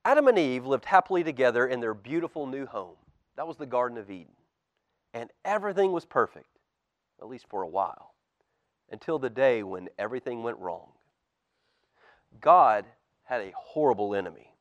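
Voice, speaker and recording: A man, a pastor, reading a storybook aloud to children in church with expressive, animated storytelling. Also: mid-range voice, moderate pace, pauses often. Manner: expressive storytelling, lively swings in loudness.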